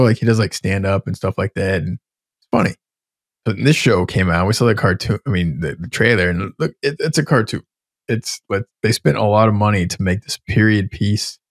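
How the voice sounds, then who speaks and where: A man's voice: on the low side, dry recording, studio quality. A man in his thirties co-hosting a podcast in casual chat, rambling and swearing freely as he reviews shows. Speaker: podcast co-host.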